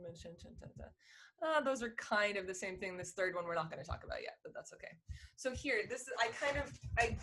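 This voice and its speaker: A woman's voice: medium pitch, a bit bright. A young woman teaching a fiddle class on a video call, explaining rhythms and counting beats aloud in a friendly way. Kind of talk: online music lesson.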